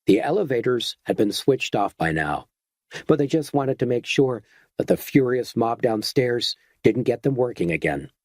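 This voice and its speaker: Steady male horror audiobook narrator. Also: mid-range voice, normal speed, dry recording. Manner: steady, dramatic reading. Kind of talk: scripted narration.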